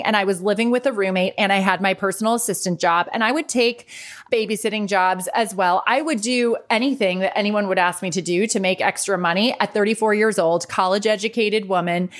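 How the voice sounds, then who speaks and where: A woman in her late thirties from New York, talking in a loose, candid podcast monologue. She is chatty and open, drops the odd swear word, and lets her thoughts run on at a middle pitch. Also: fairly bright tone. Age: 30s. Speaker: life coach and podcast host.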